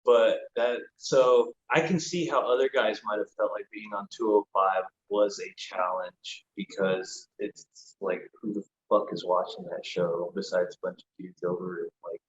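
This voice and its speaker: A man's voice: lowish voice, unhurried, hardly any pauses. A man, a former pro wrestler, telling stories casually as a podcast guest, swearing freely and peppering his talk with "like.". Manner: animated, swears freely, lots of "like". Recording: roomy, dull lo-fi sound with faint noise.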